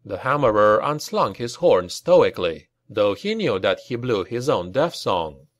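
A man reads a fantasy audiobook slowly and deliberately, his pitch rising and falling with the action. The recording is dry and close, with no room sound. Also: no room sound. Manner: slow, deliberate reading with lively acted dialogue. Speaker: audiobook narrator. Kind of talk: dramatic audiobook narration.

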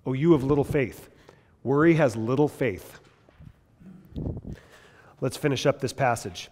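A man teaching a Bible class in a lively, conversational way, asking his listeners questions as he goes. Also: medium pitch, unhurried, big-room sound, a little hiss or hum. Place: large classroom or hall.

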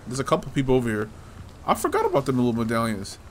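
A man's voice: mid-range voice, wildly swooping pitch, racing, slight background noise. A man giving loose, casual commentary while playing a game, talking to himself and teasing the hero, with frequent swearing. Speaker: gameplay streamer.

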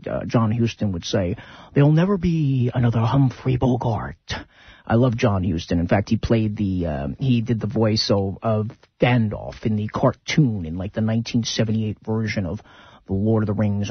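Male radio host, chatty and rambling, slightly husky, muffled dry sound. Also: on the low side, no echo. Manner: rambling, chatty, retells film scenes. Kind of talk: casual radio talk.

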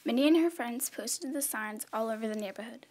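A woman reading a children's story aloud in a clear, measured storytelling voice. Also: fairly high pitch, heavy background noise. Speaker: storybook reader.

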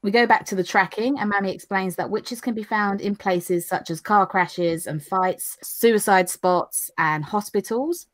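A woman, recapping anime episodes in casual chat, chatty and quick to laugh. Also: mid-range voice. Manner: chatty, laughs often, acts out lines in funny voices. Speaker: podcast co-host recapping anime.

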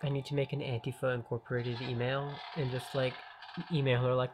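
A woman chatting with a friend over a movie at home, joking darkly in a dry, deadpan way. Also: rumbling low, brisk. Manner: dry, deadpan dark jokes. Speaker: guest, friend. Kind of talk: casual movie watch-along chat. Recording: background noise under the talk.

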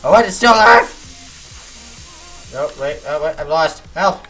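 A man giving animated let's-play commentary, yelping and talking back to the game's characters as he plays. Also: on the high side, unhurried, faint music behind. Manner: animated, yelps at game characters. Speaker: gaming YouTuber.

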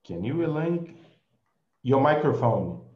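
Speaking with a Brazilian Portuguese accent, this male English teacher runs an online group lesson at a slow, patient pace and praises students again and again. His pitch is medium and his delivery very animated, captured in a roomy sound with missing high frequencies.

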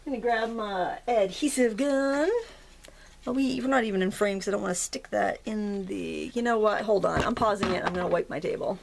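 A woman's voice: medium pitch, fairly quick, gravelly, slight background noise. A woman from Maine with a Maine accent, hosting a casual craft tutorial in a chatty, jokey, self-deprecating way.

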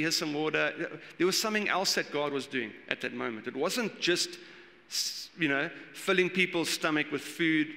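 Animated South African pastor in a hall. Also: male voice, fairly high pitch. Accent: South African English. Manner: casual storytelling with acted-out voices and laughs. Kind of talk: sermon. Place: church hall. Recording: long hall reverb.

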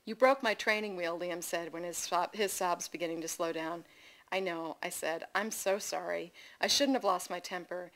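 A middle-aged woman reading her own memoir stories to an audience at a festival, with lively, amused asides and a raised pitch for the children's lines. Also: normal speed, poor audio. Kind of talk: live reading of personal essays.

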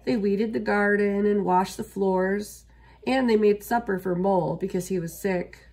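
A woman reading a children's picture book aloud as a storyteller, steady and expressive. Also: mid-range voice, unhurried.

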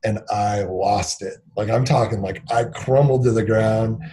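A man's voice: lowish voice, fairly even intonation, mellow, a little hiss or hum. A man in his thirties, a company CEO, talking candidly in an interview, reflective and full of fillers, acting out bits of dialogue as he goes. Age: 30s. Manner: reflective, filler-heavy, acts out dialogue in quick bursts.

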